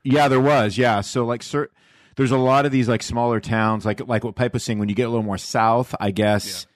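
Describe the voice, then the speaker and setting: A man's voice: medium pitch, fairly even intonation, moderate pace, no echo, clean studio sound. A man from Ohio co-hosting a podcast, talking casually and hesitantly, often trailing off. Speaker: podcast co-host. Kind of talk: casual chat.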